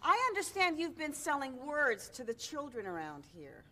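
A woman's voice: sits high, big pitch swings, normal speed, pushed and bright, heavily acted. A woman speaking sharply and sternly, no-nonsense.

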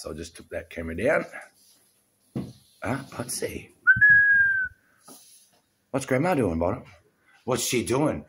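A man's voice: fairly low pitch, a little hiss or hum. A man filming a home pet vlog, chatting casually and cooing to his dog in a playful sing-song voice. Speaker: pet vlogger.

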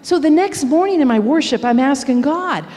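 A woman's voice: high-pitched, animated, moderate pace, mellow. A middle-aged woman telling a candid, confessional story in a sermon at a church speaker event. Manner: earnest, confessional, candid about her faults. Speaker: speaker at a prayer seminar. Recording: long reverb of a church hall.

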